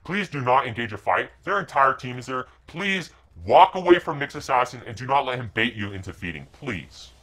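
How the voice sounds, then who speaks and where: Young male streamer; profane, commanding, loud bursts and muttered asides. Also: medium pitch, very animated, brisk, few pauses. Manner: profane, shouting orders at teammates. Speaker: game streamer. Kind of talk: live gameplay commentary.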